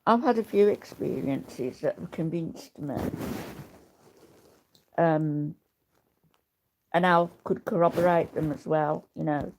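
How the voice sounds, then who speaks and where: An older woman in her seventies hosts a casual livestream, chatting to her viewers. Her low, gravelly voice moves at an unhurried pace, and her manner is rambling, blunt and opinionated. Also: a little mellow, slight background noise. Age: 70s. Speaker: livestream host. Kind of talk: casual livestream chat, reading viewer comments.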